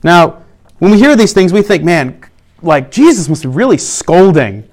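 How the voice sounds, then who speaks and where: A man preaching a sermon in an earnest way, slowing down to stress key points. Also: high-pitched, sing-song, darkish tone. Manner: earnest preaching, slows down for emphasis. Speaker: pastor.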